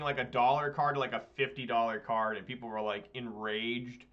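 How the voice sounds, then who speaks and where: A man's voice: medium pitch, fairly even intonation, a little fast, sharp tone, dull audio. A man giving casual, chatty commentary while playing an online card game, swearing when the deck lets him down.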